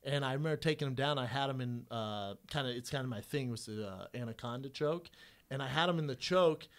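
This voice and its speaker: A man's voice: mid-range voice, fairly quick. A man co-hosting a podcast, a former fighter telling stories in a casual chat, acting out what people said and swearing freely. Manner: animated storyteller who acts out quotes, profane.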